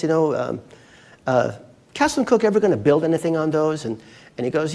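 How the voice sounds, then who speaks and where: A man's voice: medium pitch, animated, brisk, gravelly, dark tone. A male pastor preaching a casual, storytelling sermon, talking to his congregation in a chatty way with many asides.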